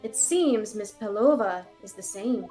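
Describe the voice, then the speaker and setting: A woman's voice: medium pitch, lively intonation, unhurried, dark tone, faint music behind, natural voice. A woman voicing a polite, earnest young woman assistant while playing a video game.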